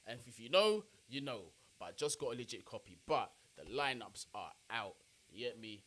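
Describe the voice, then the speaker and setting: A young man, chatting casually on a football watch-along live stream and giving shout-outs to his chat. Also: mid-range voice.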